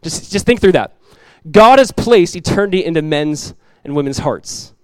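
A man's voice: on the high side, moderate pace, clean tone, no echo, rough recording. Conversational preacher, a man. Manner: conversational, animated storytelling with asides. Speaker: pastor. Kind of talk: sermon.

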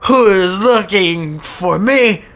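A man voicing a sketchy Russian boyfriend with a scratchy voice and a Russian accent, drawn-out and shouting. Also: high-pitched, voice pushed up, exaggerated voice. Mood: menacing. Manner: drawn-out, shouty menacing delivery.

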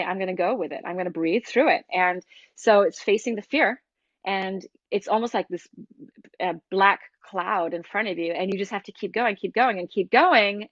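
A woman's voice: medium pitch, dry recording. A middle-aged woman from the United States, a breathwork teacher talking candidly and animatedly as an interview guest, with many restarts. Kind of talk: casual interview talk. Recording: dull, dry lo-fi sound.

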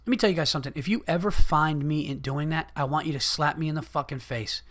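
A man's voice: a little high, fast talker, fairly bright tone. A man in his thirties hosting a podcast, ranting in a heated, profane comedic way and often restarting his sentences. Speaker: podcast host.

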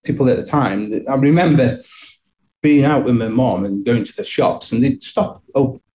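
Mellow-voiced middle-aged Englishman reminiscing. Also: mid-range voice, moderate pace, slight background noise. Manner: reflective, chuckling, frequent restarts. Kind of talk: personal storytelling.

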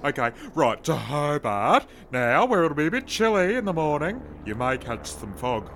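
A man's voice: fairly high pitch, big pitch swings, normal speed, fairly bright tone, slight background noise. Man doing a dry, sarcastic weather co-host. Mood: deadpan. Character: dry, teasing male weather co-presenter. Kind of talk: comedy sketch.

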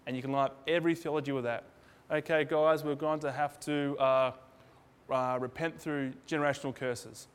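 A man's voice: mid-range voice, fairly even intonation, moderate pace, smooth. A man preaching a sermon in a loose, conversational way, acting out little dialogues in different voices. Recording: hall reverb.

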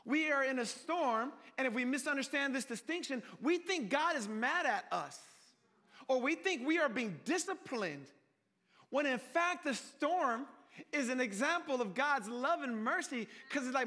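A man preaching a sermon in an animated, joking way, calling his listeners family and swinging between hushed and loud delivery. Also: extremely high pitch, moderate pace.

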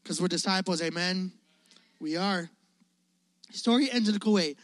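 A man's voice: high voice, moderate pace, no echo. Male youth pastor, chatty storytelling sermon, dry sound. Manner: casual, energetic, asks the audience questions.

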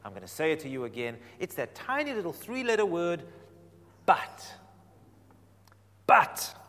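A man preaching a sermon, animated, swinging from quiet explanation to loud emphatic points. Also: fairly high pitch, fast. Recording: reverberant hall.

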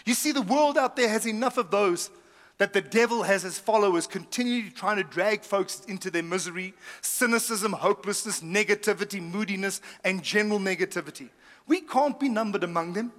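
A man's voice: high voice, in a large hall. A middle-aged man preaching a humorous sermon, telling stories with laughs and asides. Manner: lively storytelling with laughs and asides. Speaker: pastor.

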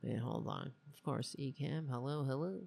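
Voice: mid-range voice, normal speed, gravelly. A political commentary host speaking casually and with indignation, stopping often to restart a thought. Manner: animated, indignant, many restarts and asides.

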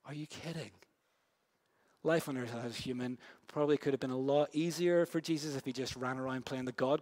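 A man preaches in a loose, slangy way. His voice sits a little high. He speeds up and gets loud, then drops to a near hush and slows right down. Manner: lively storytelling, big swings from loud and fast to hushed and slow; casual, slangy delivery with many "like" and "yo" asides. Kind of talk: sermon.

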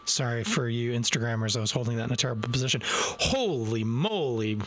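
A man's voice: medium pitch, little pitch movement, very fast, a bit bright, a little hiss or hum. A man reviewing a beer live from his desk in a casual, self-deprecating way, talking straight to his viewers. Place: home desk. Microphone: desk microphone.

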